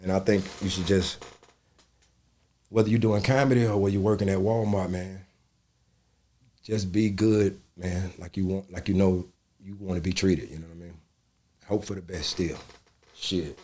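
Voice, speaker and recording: A middle-aged male comedian with a fairly low voice tells stories in an easy, profane way. He talks casually and reflectively, sprinkling in slang and asides to the listener. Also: moderate pace, long pauses, slight background noise. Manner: animated, profane storytelling that jumps into loud high quoted voices. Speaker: comedian interviewee. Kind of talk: casual storytelling interview.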